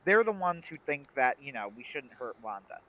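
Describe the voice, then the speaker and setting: A man's voice: mid-range voice, big pitch swings, brisk, muffled recording. A man co-hosting a livestream, chatting casually and making emphatic, opinionated points. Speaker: livestream co-host. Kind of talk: casual chat.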